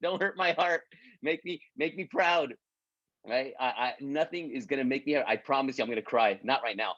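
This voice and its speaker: A man's voice: mid-range voice, moderate pace, fairly bright tone, dry recording. Male coach, casual pep talk, restarts often, mid-range voice, close and dry, muffled lo-fi sound. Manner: repetitive, stumbling restarts, keeps asking "right?"; encouraging, pleading with listeners. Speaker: business coach leading an online group.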